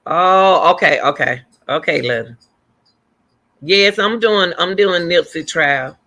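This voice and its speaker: A middle-aged woman hosts a livestream, her lowish voice slow, bright, and forceful. She chats casually and rambles while reading and answering viewer comments aloud.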